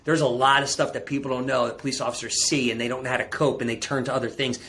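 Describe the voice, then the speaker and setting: A man's voice: mid-range voice, level tone, quick pace, a little hiss or hum. A man who is a performance coach, telling a personal story with intense, rising emotion as a podcast guest. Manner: intense, rising to near-shouting peaks, calls listener bro.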